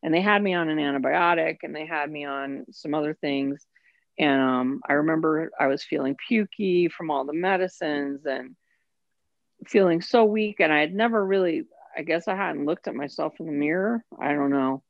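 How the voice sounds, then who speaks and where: A woman with a notably low voice shares a personal story as an interview guest. She speaks candidly and with emotion. The recording is dry and slightly muffled. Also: normal speed, vocal fry, no room sound. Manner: candid, emotional, quotes others in her story.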